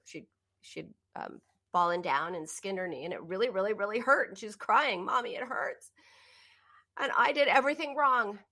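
A woman coaching listeners on binge eating in an earnest, emphatic self-help talk, addressing them directly. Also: sharp tone. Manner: earnest and emphatic, often rising in pitch for emphasis; speaks directly to the listener in second person.

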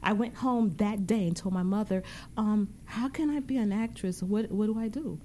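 A woman from the British Virgin Islands speaks as an actress and guest on a radio show. She tells her story in a warm, earnest way, at a middle pitch. A faint hiss sits under her voice. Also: moderate pace. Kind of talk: casual radio interview.

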